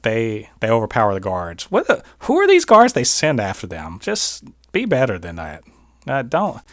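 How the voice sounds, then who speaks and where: A man hosting a casual TV review show, talking in an animated, opinionated way with many restarts and asides. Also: mid-range voice, no echo, studio quality. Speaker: podcast host reviewing TV. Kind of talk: casual spoiler review monologue.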